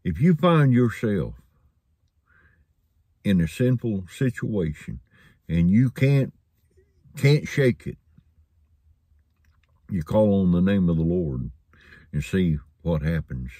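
A man's voice: deep voice, very animated, slow, long pauses, dark tone, husky, no room sound. A man preaching a sermon in a folksy storytelling manner, chuckling along.

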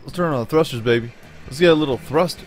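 Man, gaming host, let's-play commentary, excitable, slangy, rambling, mid pitch, faint guitar music behind. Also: fast talker. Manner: excitable, slangy, rambling, talks to himself while playing.

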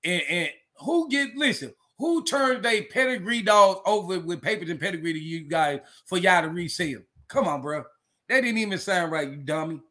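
A man's voice: high voice, lively intonation, normal speed, pushed and bright. A man who breeds dogs, ranting to camera in a confrontational way, repeating and restarting his words. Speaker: dog breeder. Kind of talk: heated rant to camera.

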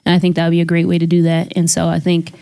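A woman in her twenties co-hosting a podcast, casual, playful and quick to laugh. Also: on the low side, monotone, vocal fry, mellow, clear, resonant tone, no echo, studio quality. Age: 20s. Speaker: podcast co-host. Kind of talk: casual chat.

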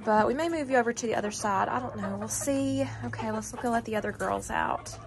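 Standing outside a chicken coop in freezing weather, a woman vlogger chats casually to the camera while doing her chores and talking sweetly to her hens. Her voice sits on the high side, with vocal fry and a fairly quick pace. Chickens cluck in the background.

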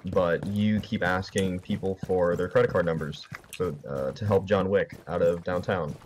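A man with a very low voice asks offbeat questions in a deadpan way. He keeps to casual chat. Faint noise sits behind him. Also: normal speed.

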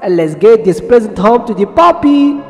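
A man's voice: sits high, lively intonation, normal speed, muffled recording. A man voicing a cheerful little girl explorer in an upbeat, eager way. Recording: echoey room with faint music.

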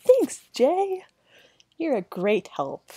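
A woman's voice: sits high, wildly swooping pitch, drawn-out words, dark tone, dry recording, voice pushed up, full character voice. A woman reading the lines of an earnest male professor researcher aloud in her own voice. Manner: reads game dialogue aloud, barely acted.

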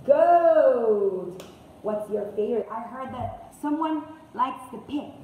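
A woman teaching English to children, speaking slowly in a sing-song way and repeating each word. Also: on the high side, recorded from a distance. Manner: slow, sing-song, repeats words and translates into Spanish. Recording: echoey room with faint hiss.

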